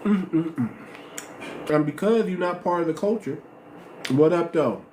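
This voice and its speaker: Male live-stream host, casual and slangy, voice on the higher side, echoey room. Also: unhurried, mellow. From United States. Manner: slangy, repetitive, emphatic. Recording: roomy echo, faint noise.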